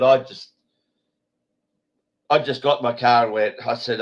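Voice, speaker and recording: Speaking at normal speed with fairly even intonation and frequent pauses, an Australian man hosts an online show in a medium-pitched, congested voice. He's casual, blunt and rambling, swearing freely, and the stream audio is dull and lo-fi.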